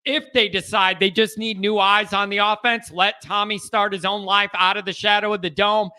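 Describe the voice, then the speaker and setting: Bright, high-voiced male call-in host. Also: moderate pace. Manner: animated, joking, opinionated. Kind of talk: casual call-in chat.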